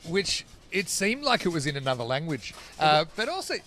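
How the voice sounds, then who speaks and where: A man's voice: a little high, big pitch swings, a little fast, pushed and bright. A man from Australia commentating live cricket, chatting between balls and breaking off to call the play. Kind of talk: live sports commentary and chat.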